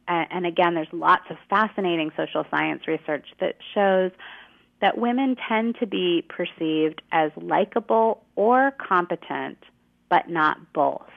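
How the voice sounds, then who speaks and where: Low gravelly woman on a phone line. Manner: articulate, teacherly, gives examples. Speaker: guest expert on women's communication. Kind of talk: explanatory interview answers.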